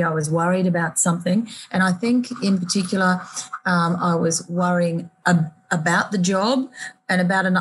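A woman's voice: on the low side, low-quality recording. A woman radio host with an Australian accent, talking reflectively in an interview, with many fillers and restarts. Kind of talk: conversational interview.

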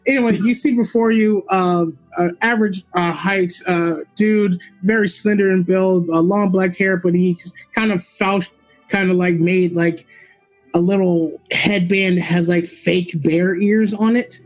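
A man's voice: sits high, steady tone, a little slow, no echo, soft background music, rough recording. A man playing a tabletop game who introduces and describes his character in a chatty, rambling way. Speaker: player character. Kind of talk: tabletop role-play in character.

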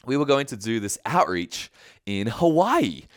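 Animated storytelling pastor, a man. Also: mid-range voice, a little slow. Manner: storytelling, chuckles often. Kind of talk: sermon.

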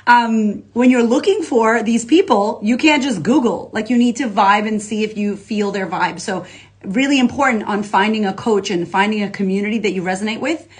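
A woman life coach on a casual livestream, talking to followers in an energetic, slangy, profane way and reading out viewer comments. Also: mid-range voice, normal speed.

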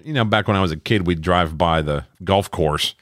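A man's voice: deep voice, normal speed, a bit bright, no room sound, studio quality. A man co-hosting a podcast in crude casual banter, a profane storyteller prone to ranting. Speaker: podcast co-host.

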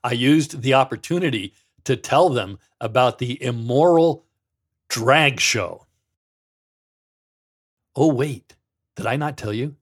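A man's voice: medium pitch, slow, pauses often. A middle-aged man, a former pastor, hosting a podcast in a sarcastic, mocking monologue, reading quotes aloud with dramatic flair. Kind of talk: sardonic monologue.

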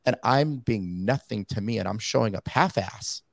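Male guest, gravelly and animated, blunt slangy delivery, dry close mic. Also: fairly low pitch, normal speed, no echo. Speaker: podcast guest. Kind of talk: casual podcast talk.

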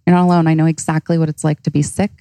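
Deep gravelly earnest woman coach. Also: level tone, racing, warm tone, dry recording, rough recording. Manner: earnest, reflective, restarts phrases. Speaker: ice bath coach. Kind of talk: casual interview talk.

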